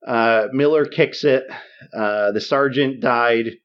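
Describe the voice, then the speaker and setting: Male podcast co-host, mid-pitch, casual and halting, livens up for the exciting parts; dull lo-fi sound. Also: clear, resonant tone. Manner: halting, many restarts and fillers, animated retelling. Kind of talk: casual movie discussion.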